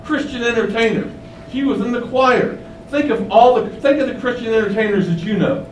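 A man's voice: extremely high pitch, brisk. Emphatic male preacher in a roomy hall. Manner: emphatic preaching with rhetorical questions. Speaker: pastor. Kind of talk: sermon. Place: windowless room. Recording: roomy, distant mic, faint hum.

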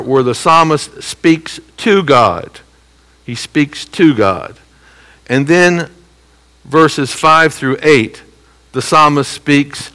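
A man leads a verse-by-verse Bible lesson in a bright, fairly high voice. He talks conversationally, often checking in with his listeners, and slows down to repeat key phrases for emphasis. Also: low-quality recording. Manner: conversational teaching with frequent "okay?" check-ins. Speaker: Bible teacher. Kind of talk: expository Bible teaching.

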